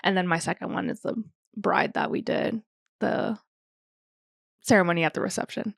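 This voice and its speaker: A young woman co-hosting a podcast, telling stories in a chatty way, full of "like" and quick laughs. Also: on the low side, steady tone, creaky, dry recording, clean studio sound. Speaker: podcast co-host, wedding photographer. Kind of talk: casual chat.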